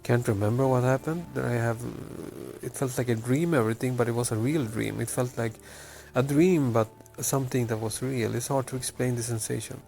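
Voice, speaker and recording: A man from Chile tells a personal story in a gravelly, mid-pitched voice. He speaks haltingly and keeps stopping on fillers and restarts. Faint music plays under his voice. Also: steady tone, a little mellow. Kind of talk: personal story told to camera.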